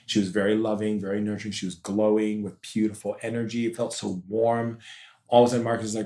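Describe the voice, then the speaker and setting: A man's voice: fairly low pitch, flat delivery, fast talker, warm tone. A man being interviewed on a podcast as a spiritual teacher, telling a personal story in an intense, emotional way. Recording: roomy echo.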